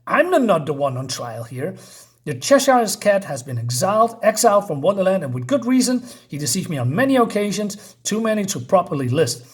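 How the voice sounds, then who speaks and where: A man's voice: high voice, sing-song, fairly quick, breathy edge, heavily acted. A man reading a defiant young queen, indignant. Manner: indignant, insistent. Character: young woman made queen, defiant and angry.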